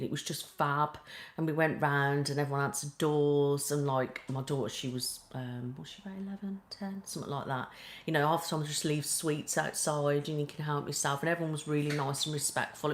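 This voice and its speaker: A woman with a British accent, an ASMR streamer chatting casually and ramblingly with live viewers, full of "like" and "um". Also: a bass voice. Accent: British English. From Britain. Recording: roomy echo.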